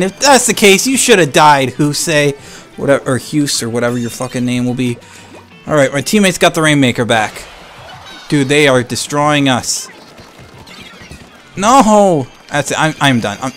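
A young man giving live gameplay commentary, excitable and swinging between hype and frustrated ranting. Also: medium pitch, moderate pace, faint music behind. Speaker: gaming channel host.

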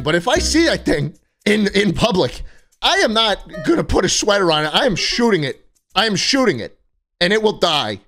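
A man streaming, reacting to clips with loud, incredulous, swearing commentary. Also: on the high side.

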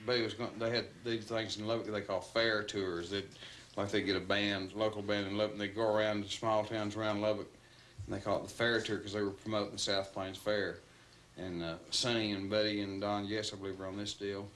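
A man's voice: lowish voice, little pitch movement, fairly quick, fairly bright tone, slight background noise. A man in his fifties telling a story in an interview, rambling with many fillers and acting out quotes. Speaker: interviewee recalling an old friend. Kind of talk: anecdotal interview.

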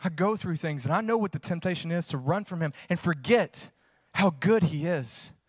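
A man's voice: on the high side, lively intonation, normal speed, breathy edge, dry recording. A man, preaching a sermon as a pastor, folksy and joking as he tells stories, then preaching with rising fervor.

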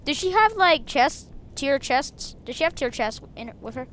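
A woman hosting a game video, chatting casually and breaking into excited shrieks. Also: high-pitched, moderate pace. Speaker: gaming video host. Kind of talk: casual gameplay commentary.

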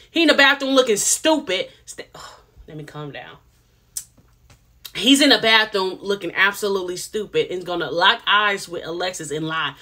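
A woman's voice: on the high side, expressive, moderate pace, bright, forceful tone. A woman, giving casual, sassy commentary on a reality TV episode and repeating herself for emphasis. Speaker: reality TV reviewer.

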